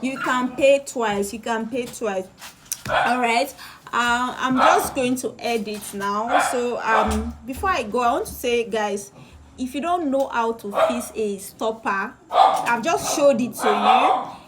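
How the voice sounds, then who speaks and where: A woman's voice: a little high, slow pace, heavy background noise. Chatty woman teaching bag making. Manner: chatty, repeats phrases for emphasis. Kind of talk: live-streamed sewing tutorial and course pitch. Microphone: phone or camera on a live video.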